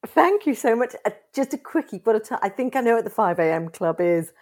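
A woman's voice: on the high side, very animated, brisk, a little mellow. A woman guest on an interview show, talking in a chatty, stop-and-start way. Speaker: guest, company co-founder. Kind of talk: casual interview chat.

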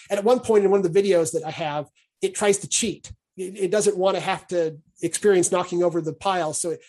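A man's voice: sits high, darkish tone, breathy edge. A man hosting a podcast, explaining ideas in a casual discussion and often restarting and repeating words as he thinks aloud. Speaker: podcast host.

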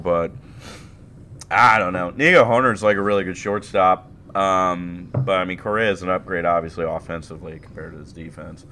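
A man's voice: sits low, bright, forceful tone, slight background noise. A man co-hosting a casual sports podcast, joking and swearing through the banter. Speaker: podcast co-host.

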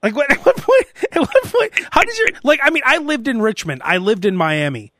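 A man hosting a podcast in casual chat, telling stories in an animated way and slipping into mock voices. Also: very high-pitched, brisk, no room sound. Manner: animated storyteller, often slips into mock voices. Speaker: podcast host.

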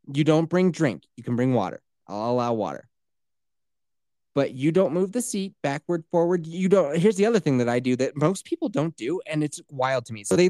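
A man telling stories in casual podcast chat, ranting in a profane, animated way. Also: a little high, no echo, studio quality.

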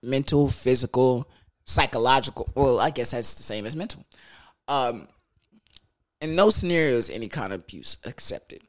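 A man's voice: mid-range voice, moderate pace. A young man telling a story casually and profanely, acting out the voices he quotes. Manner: animated, loose and profane, acts out quoted voices.

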